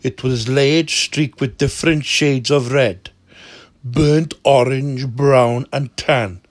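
Slow, steady male storyteller. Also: mid-range voice, dry recording. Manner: slow, steady reading with occasional slips. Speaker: narrator. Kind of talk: reading a novel aloud.

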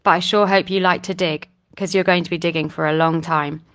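Weary old outlaw woman, quiet and defiant, low-pitched, read by a woman narrator. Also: steady tone, fairly quick.

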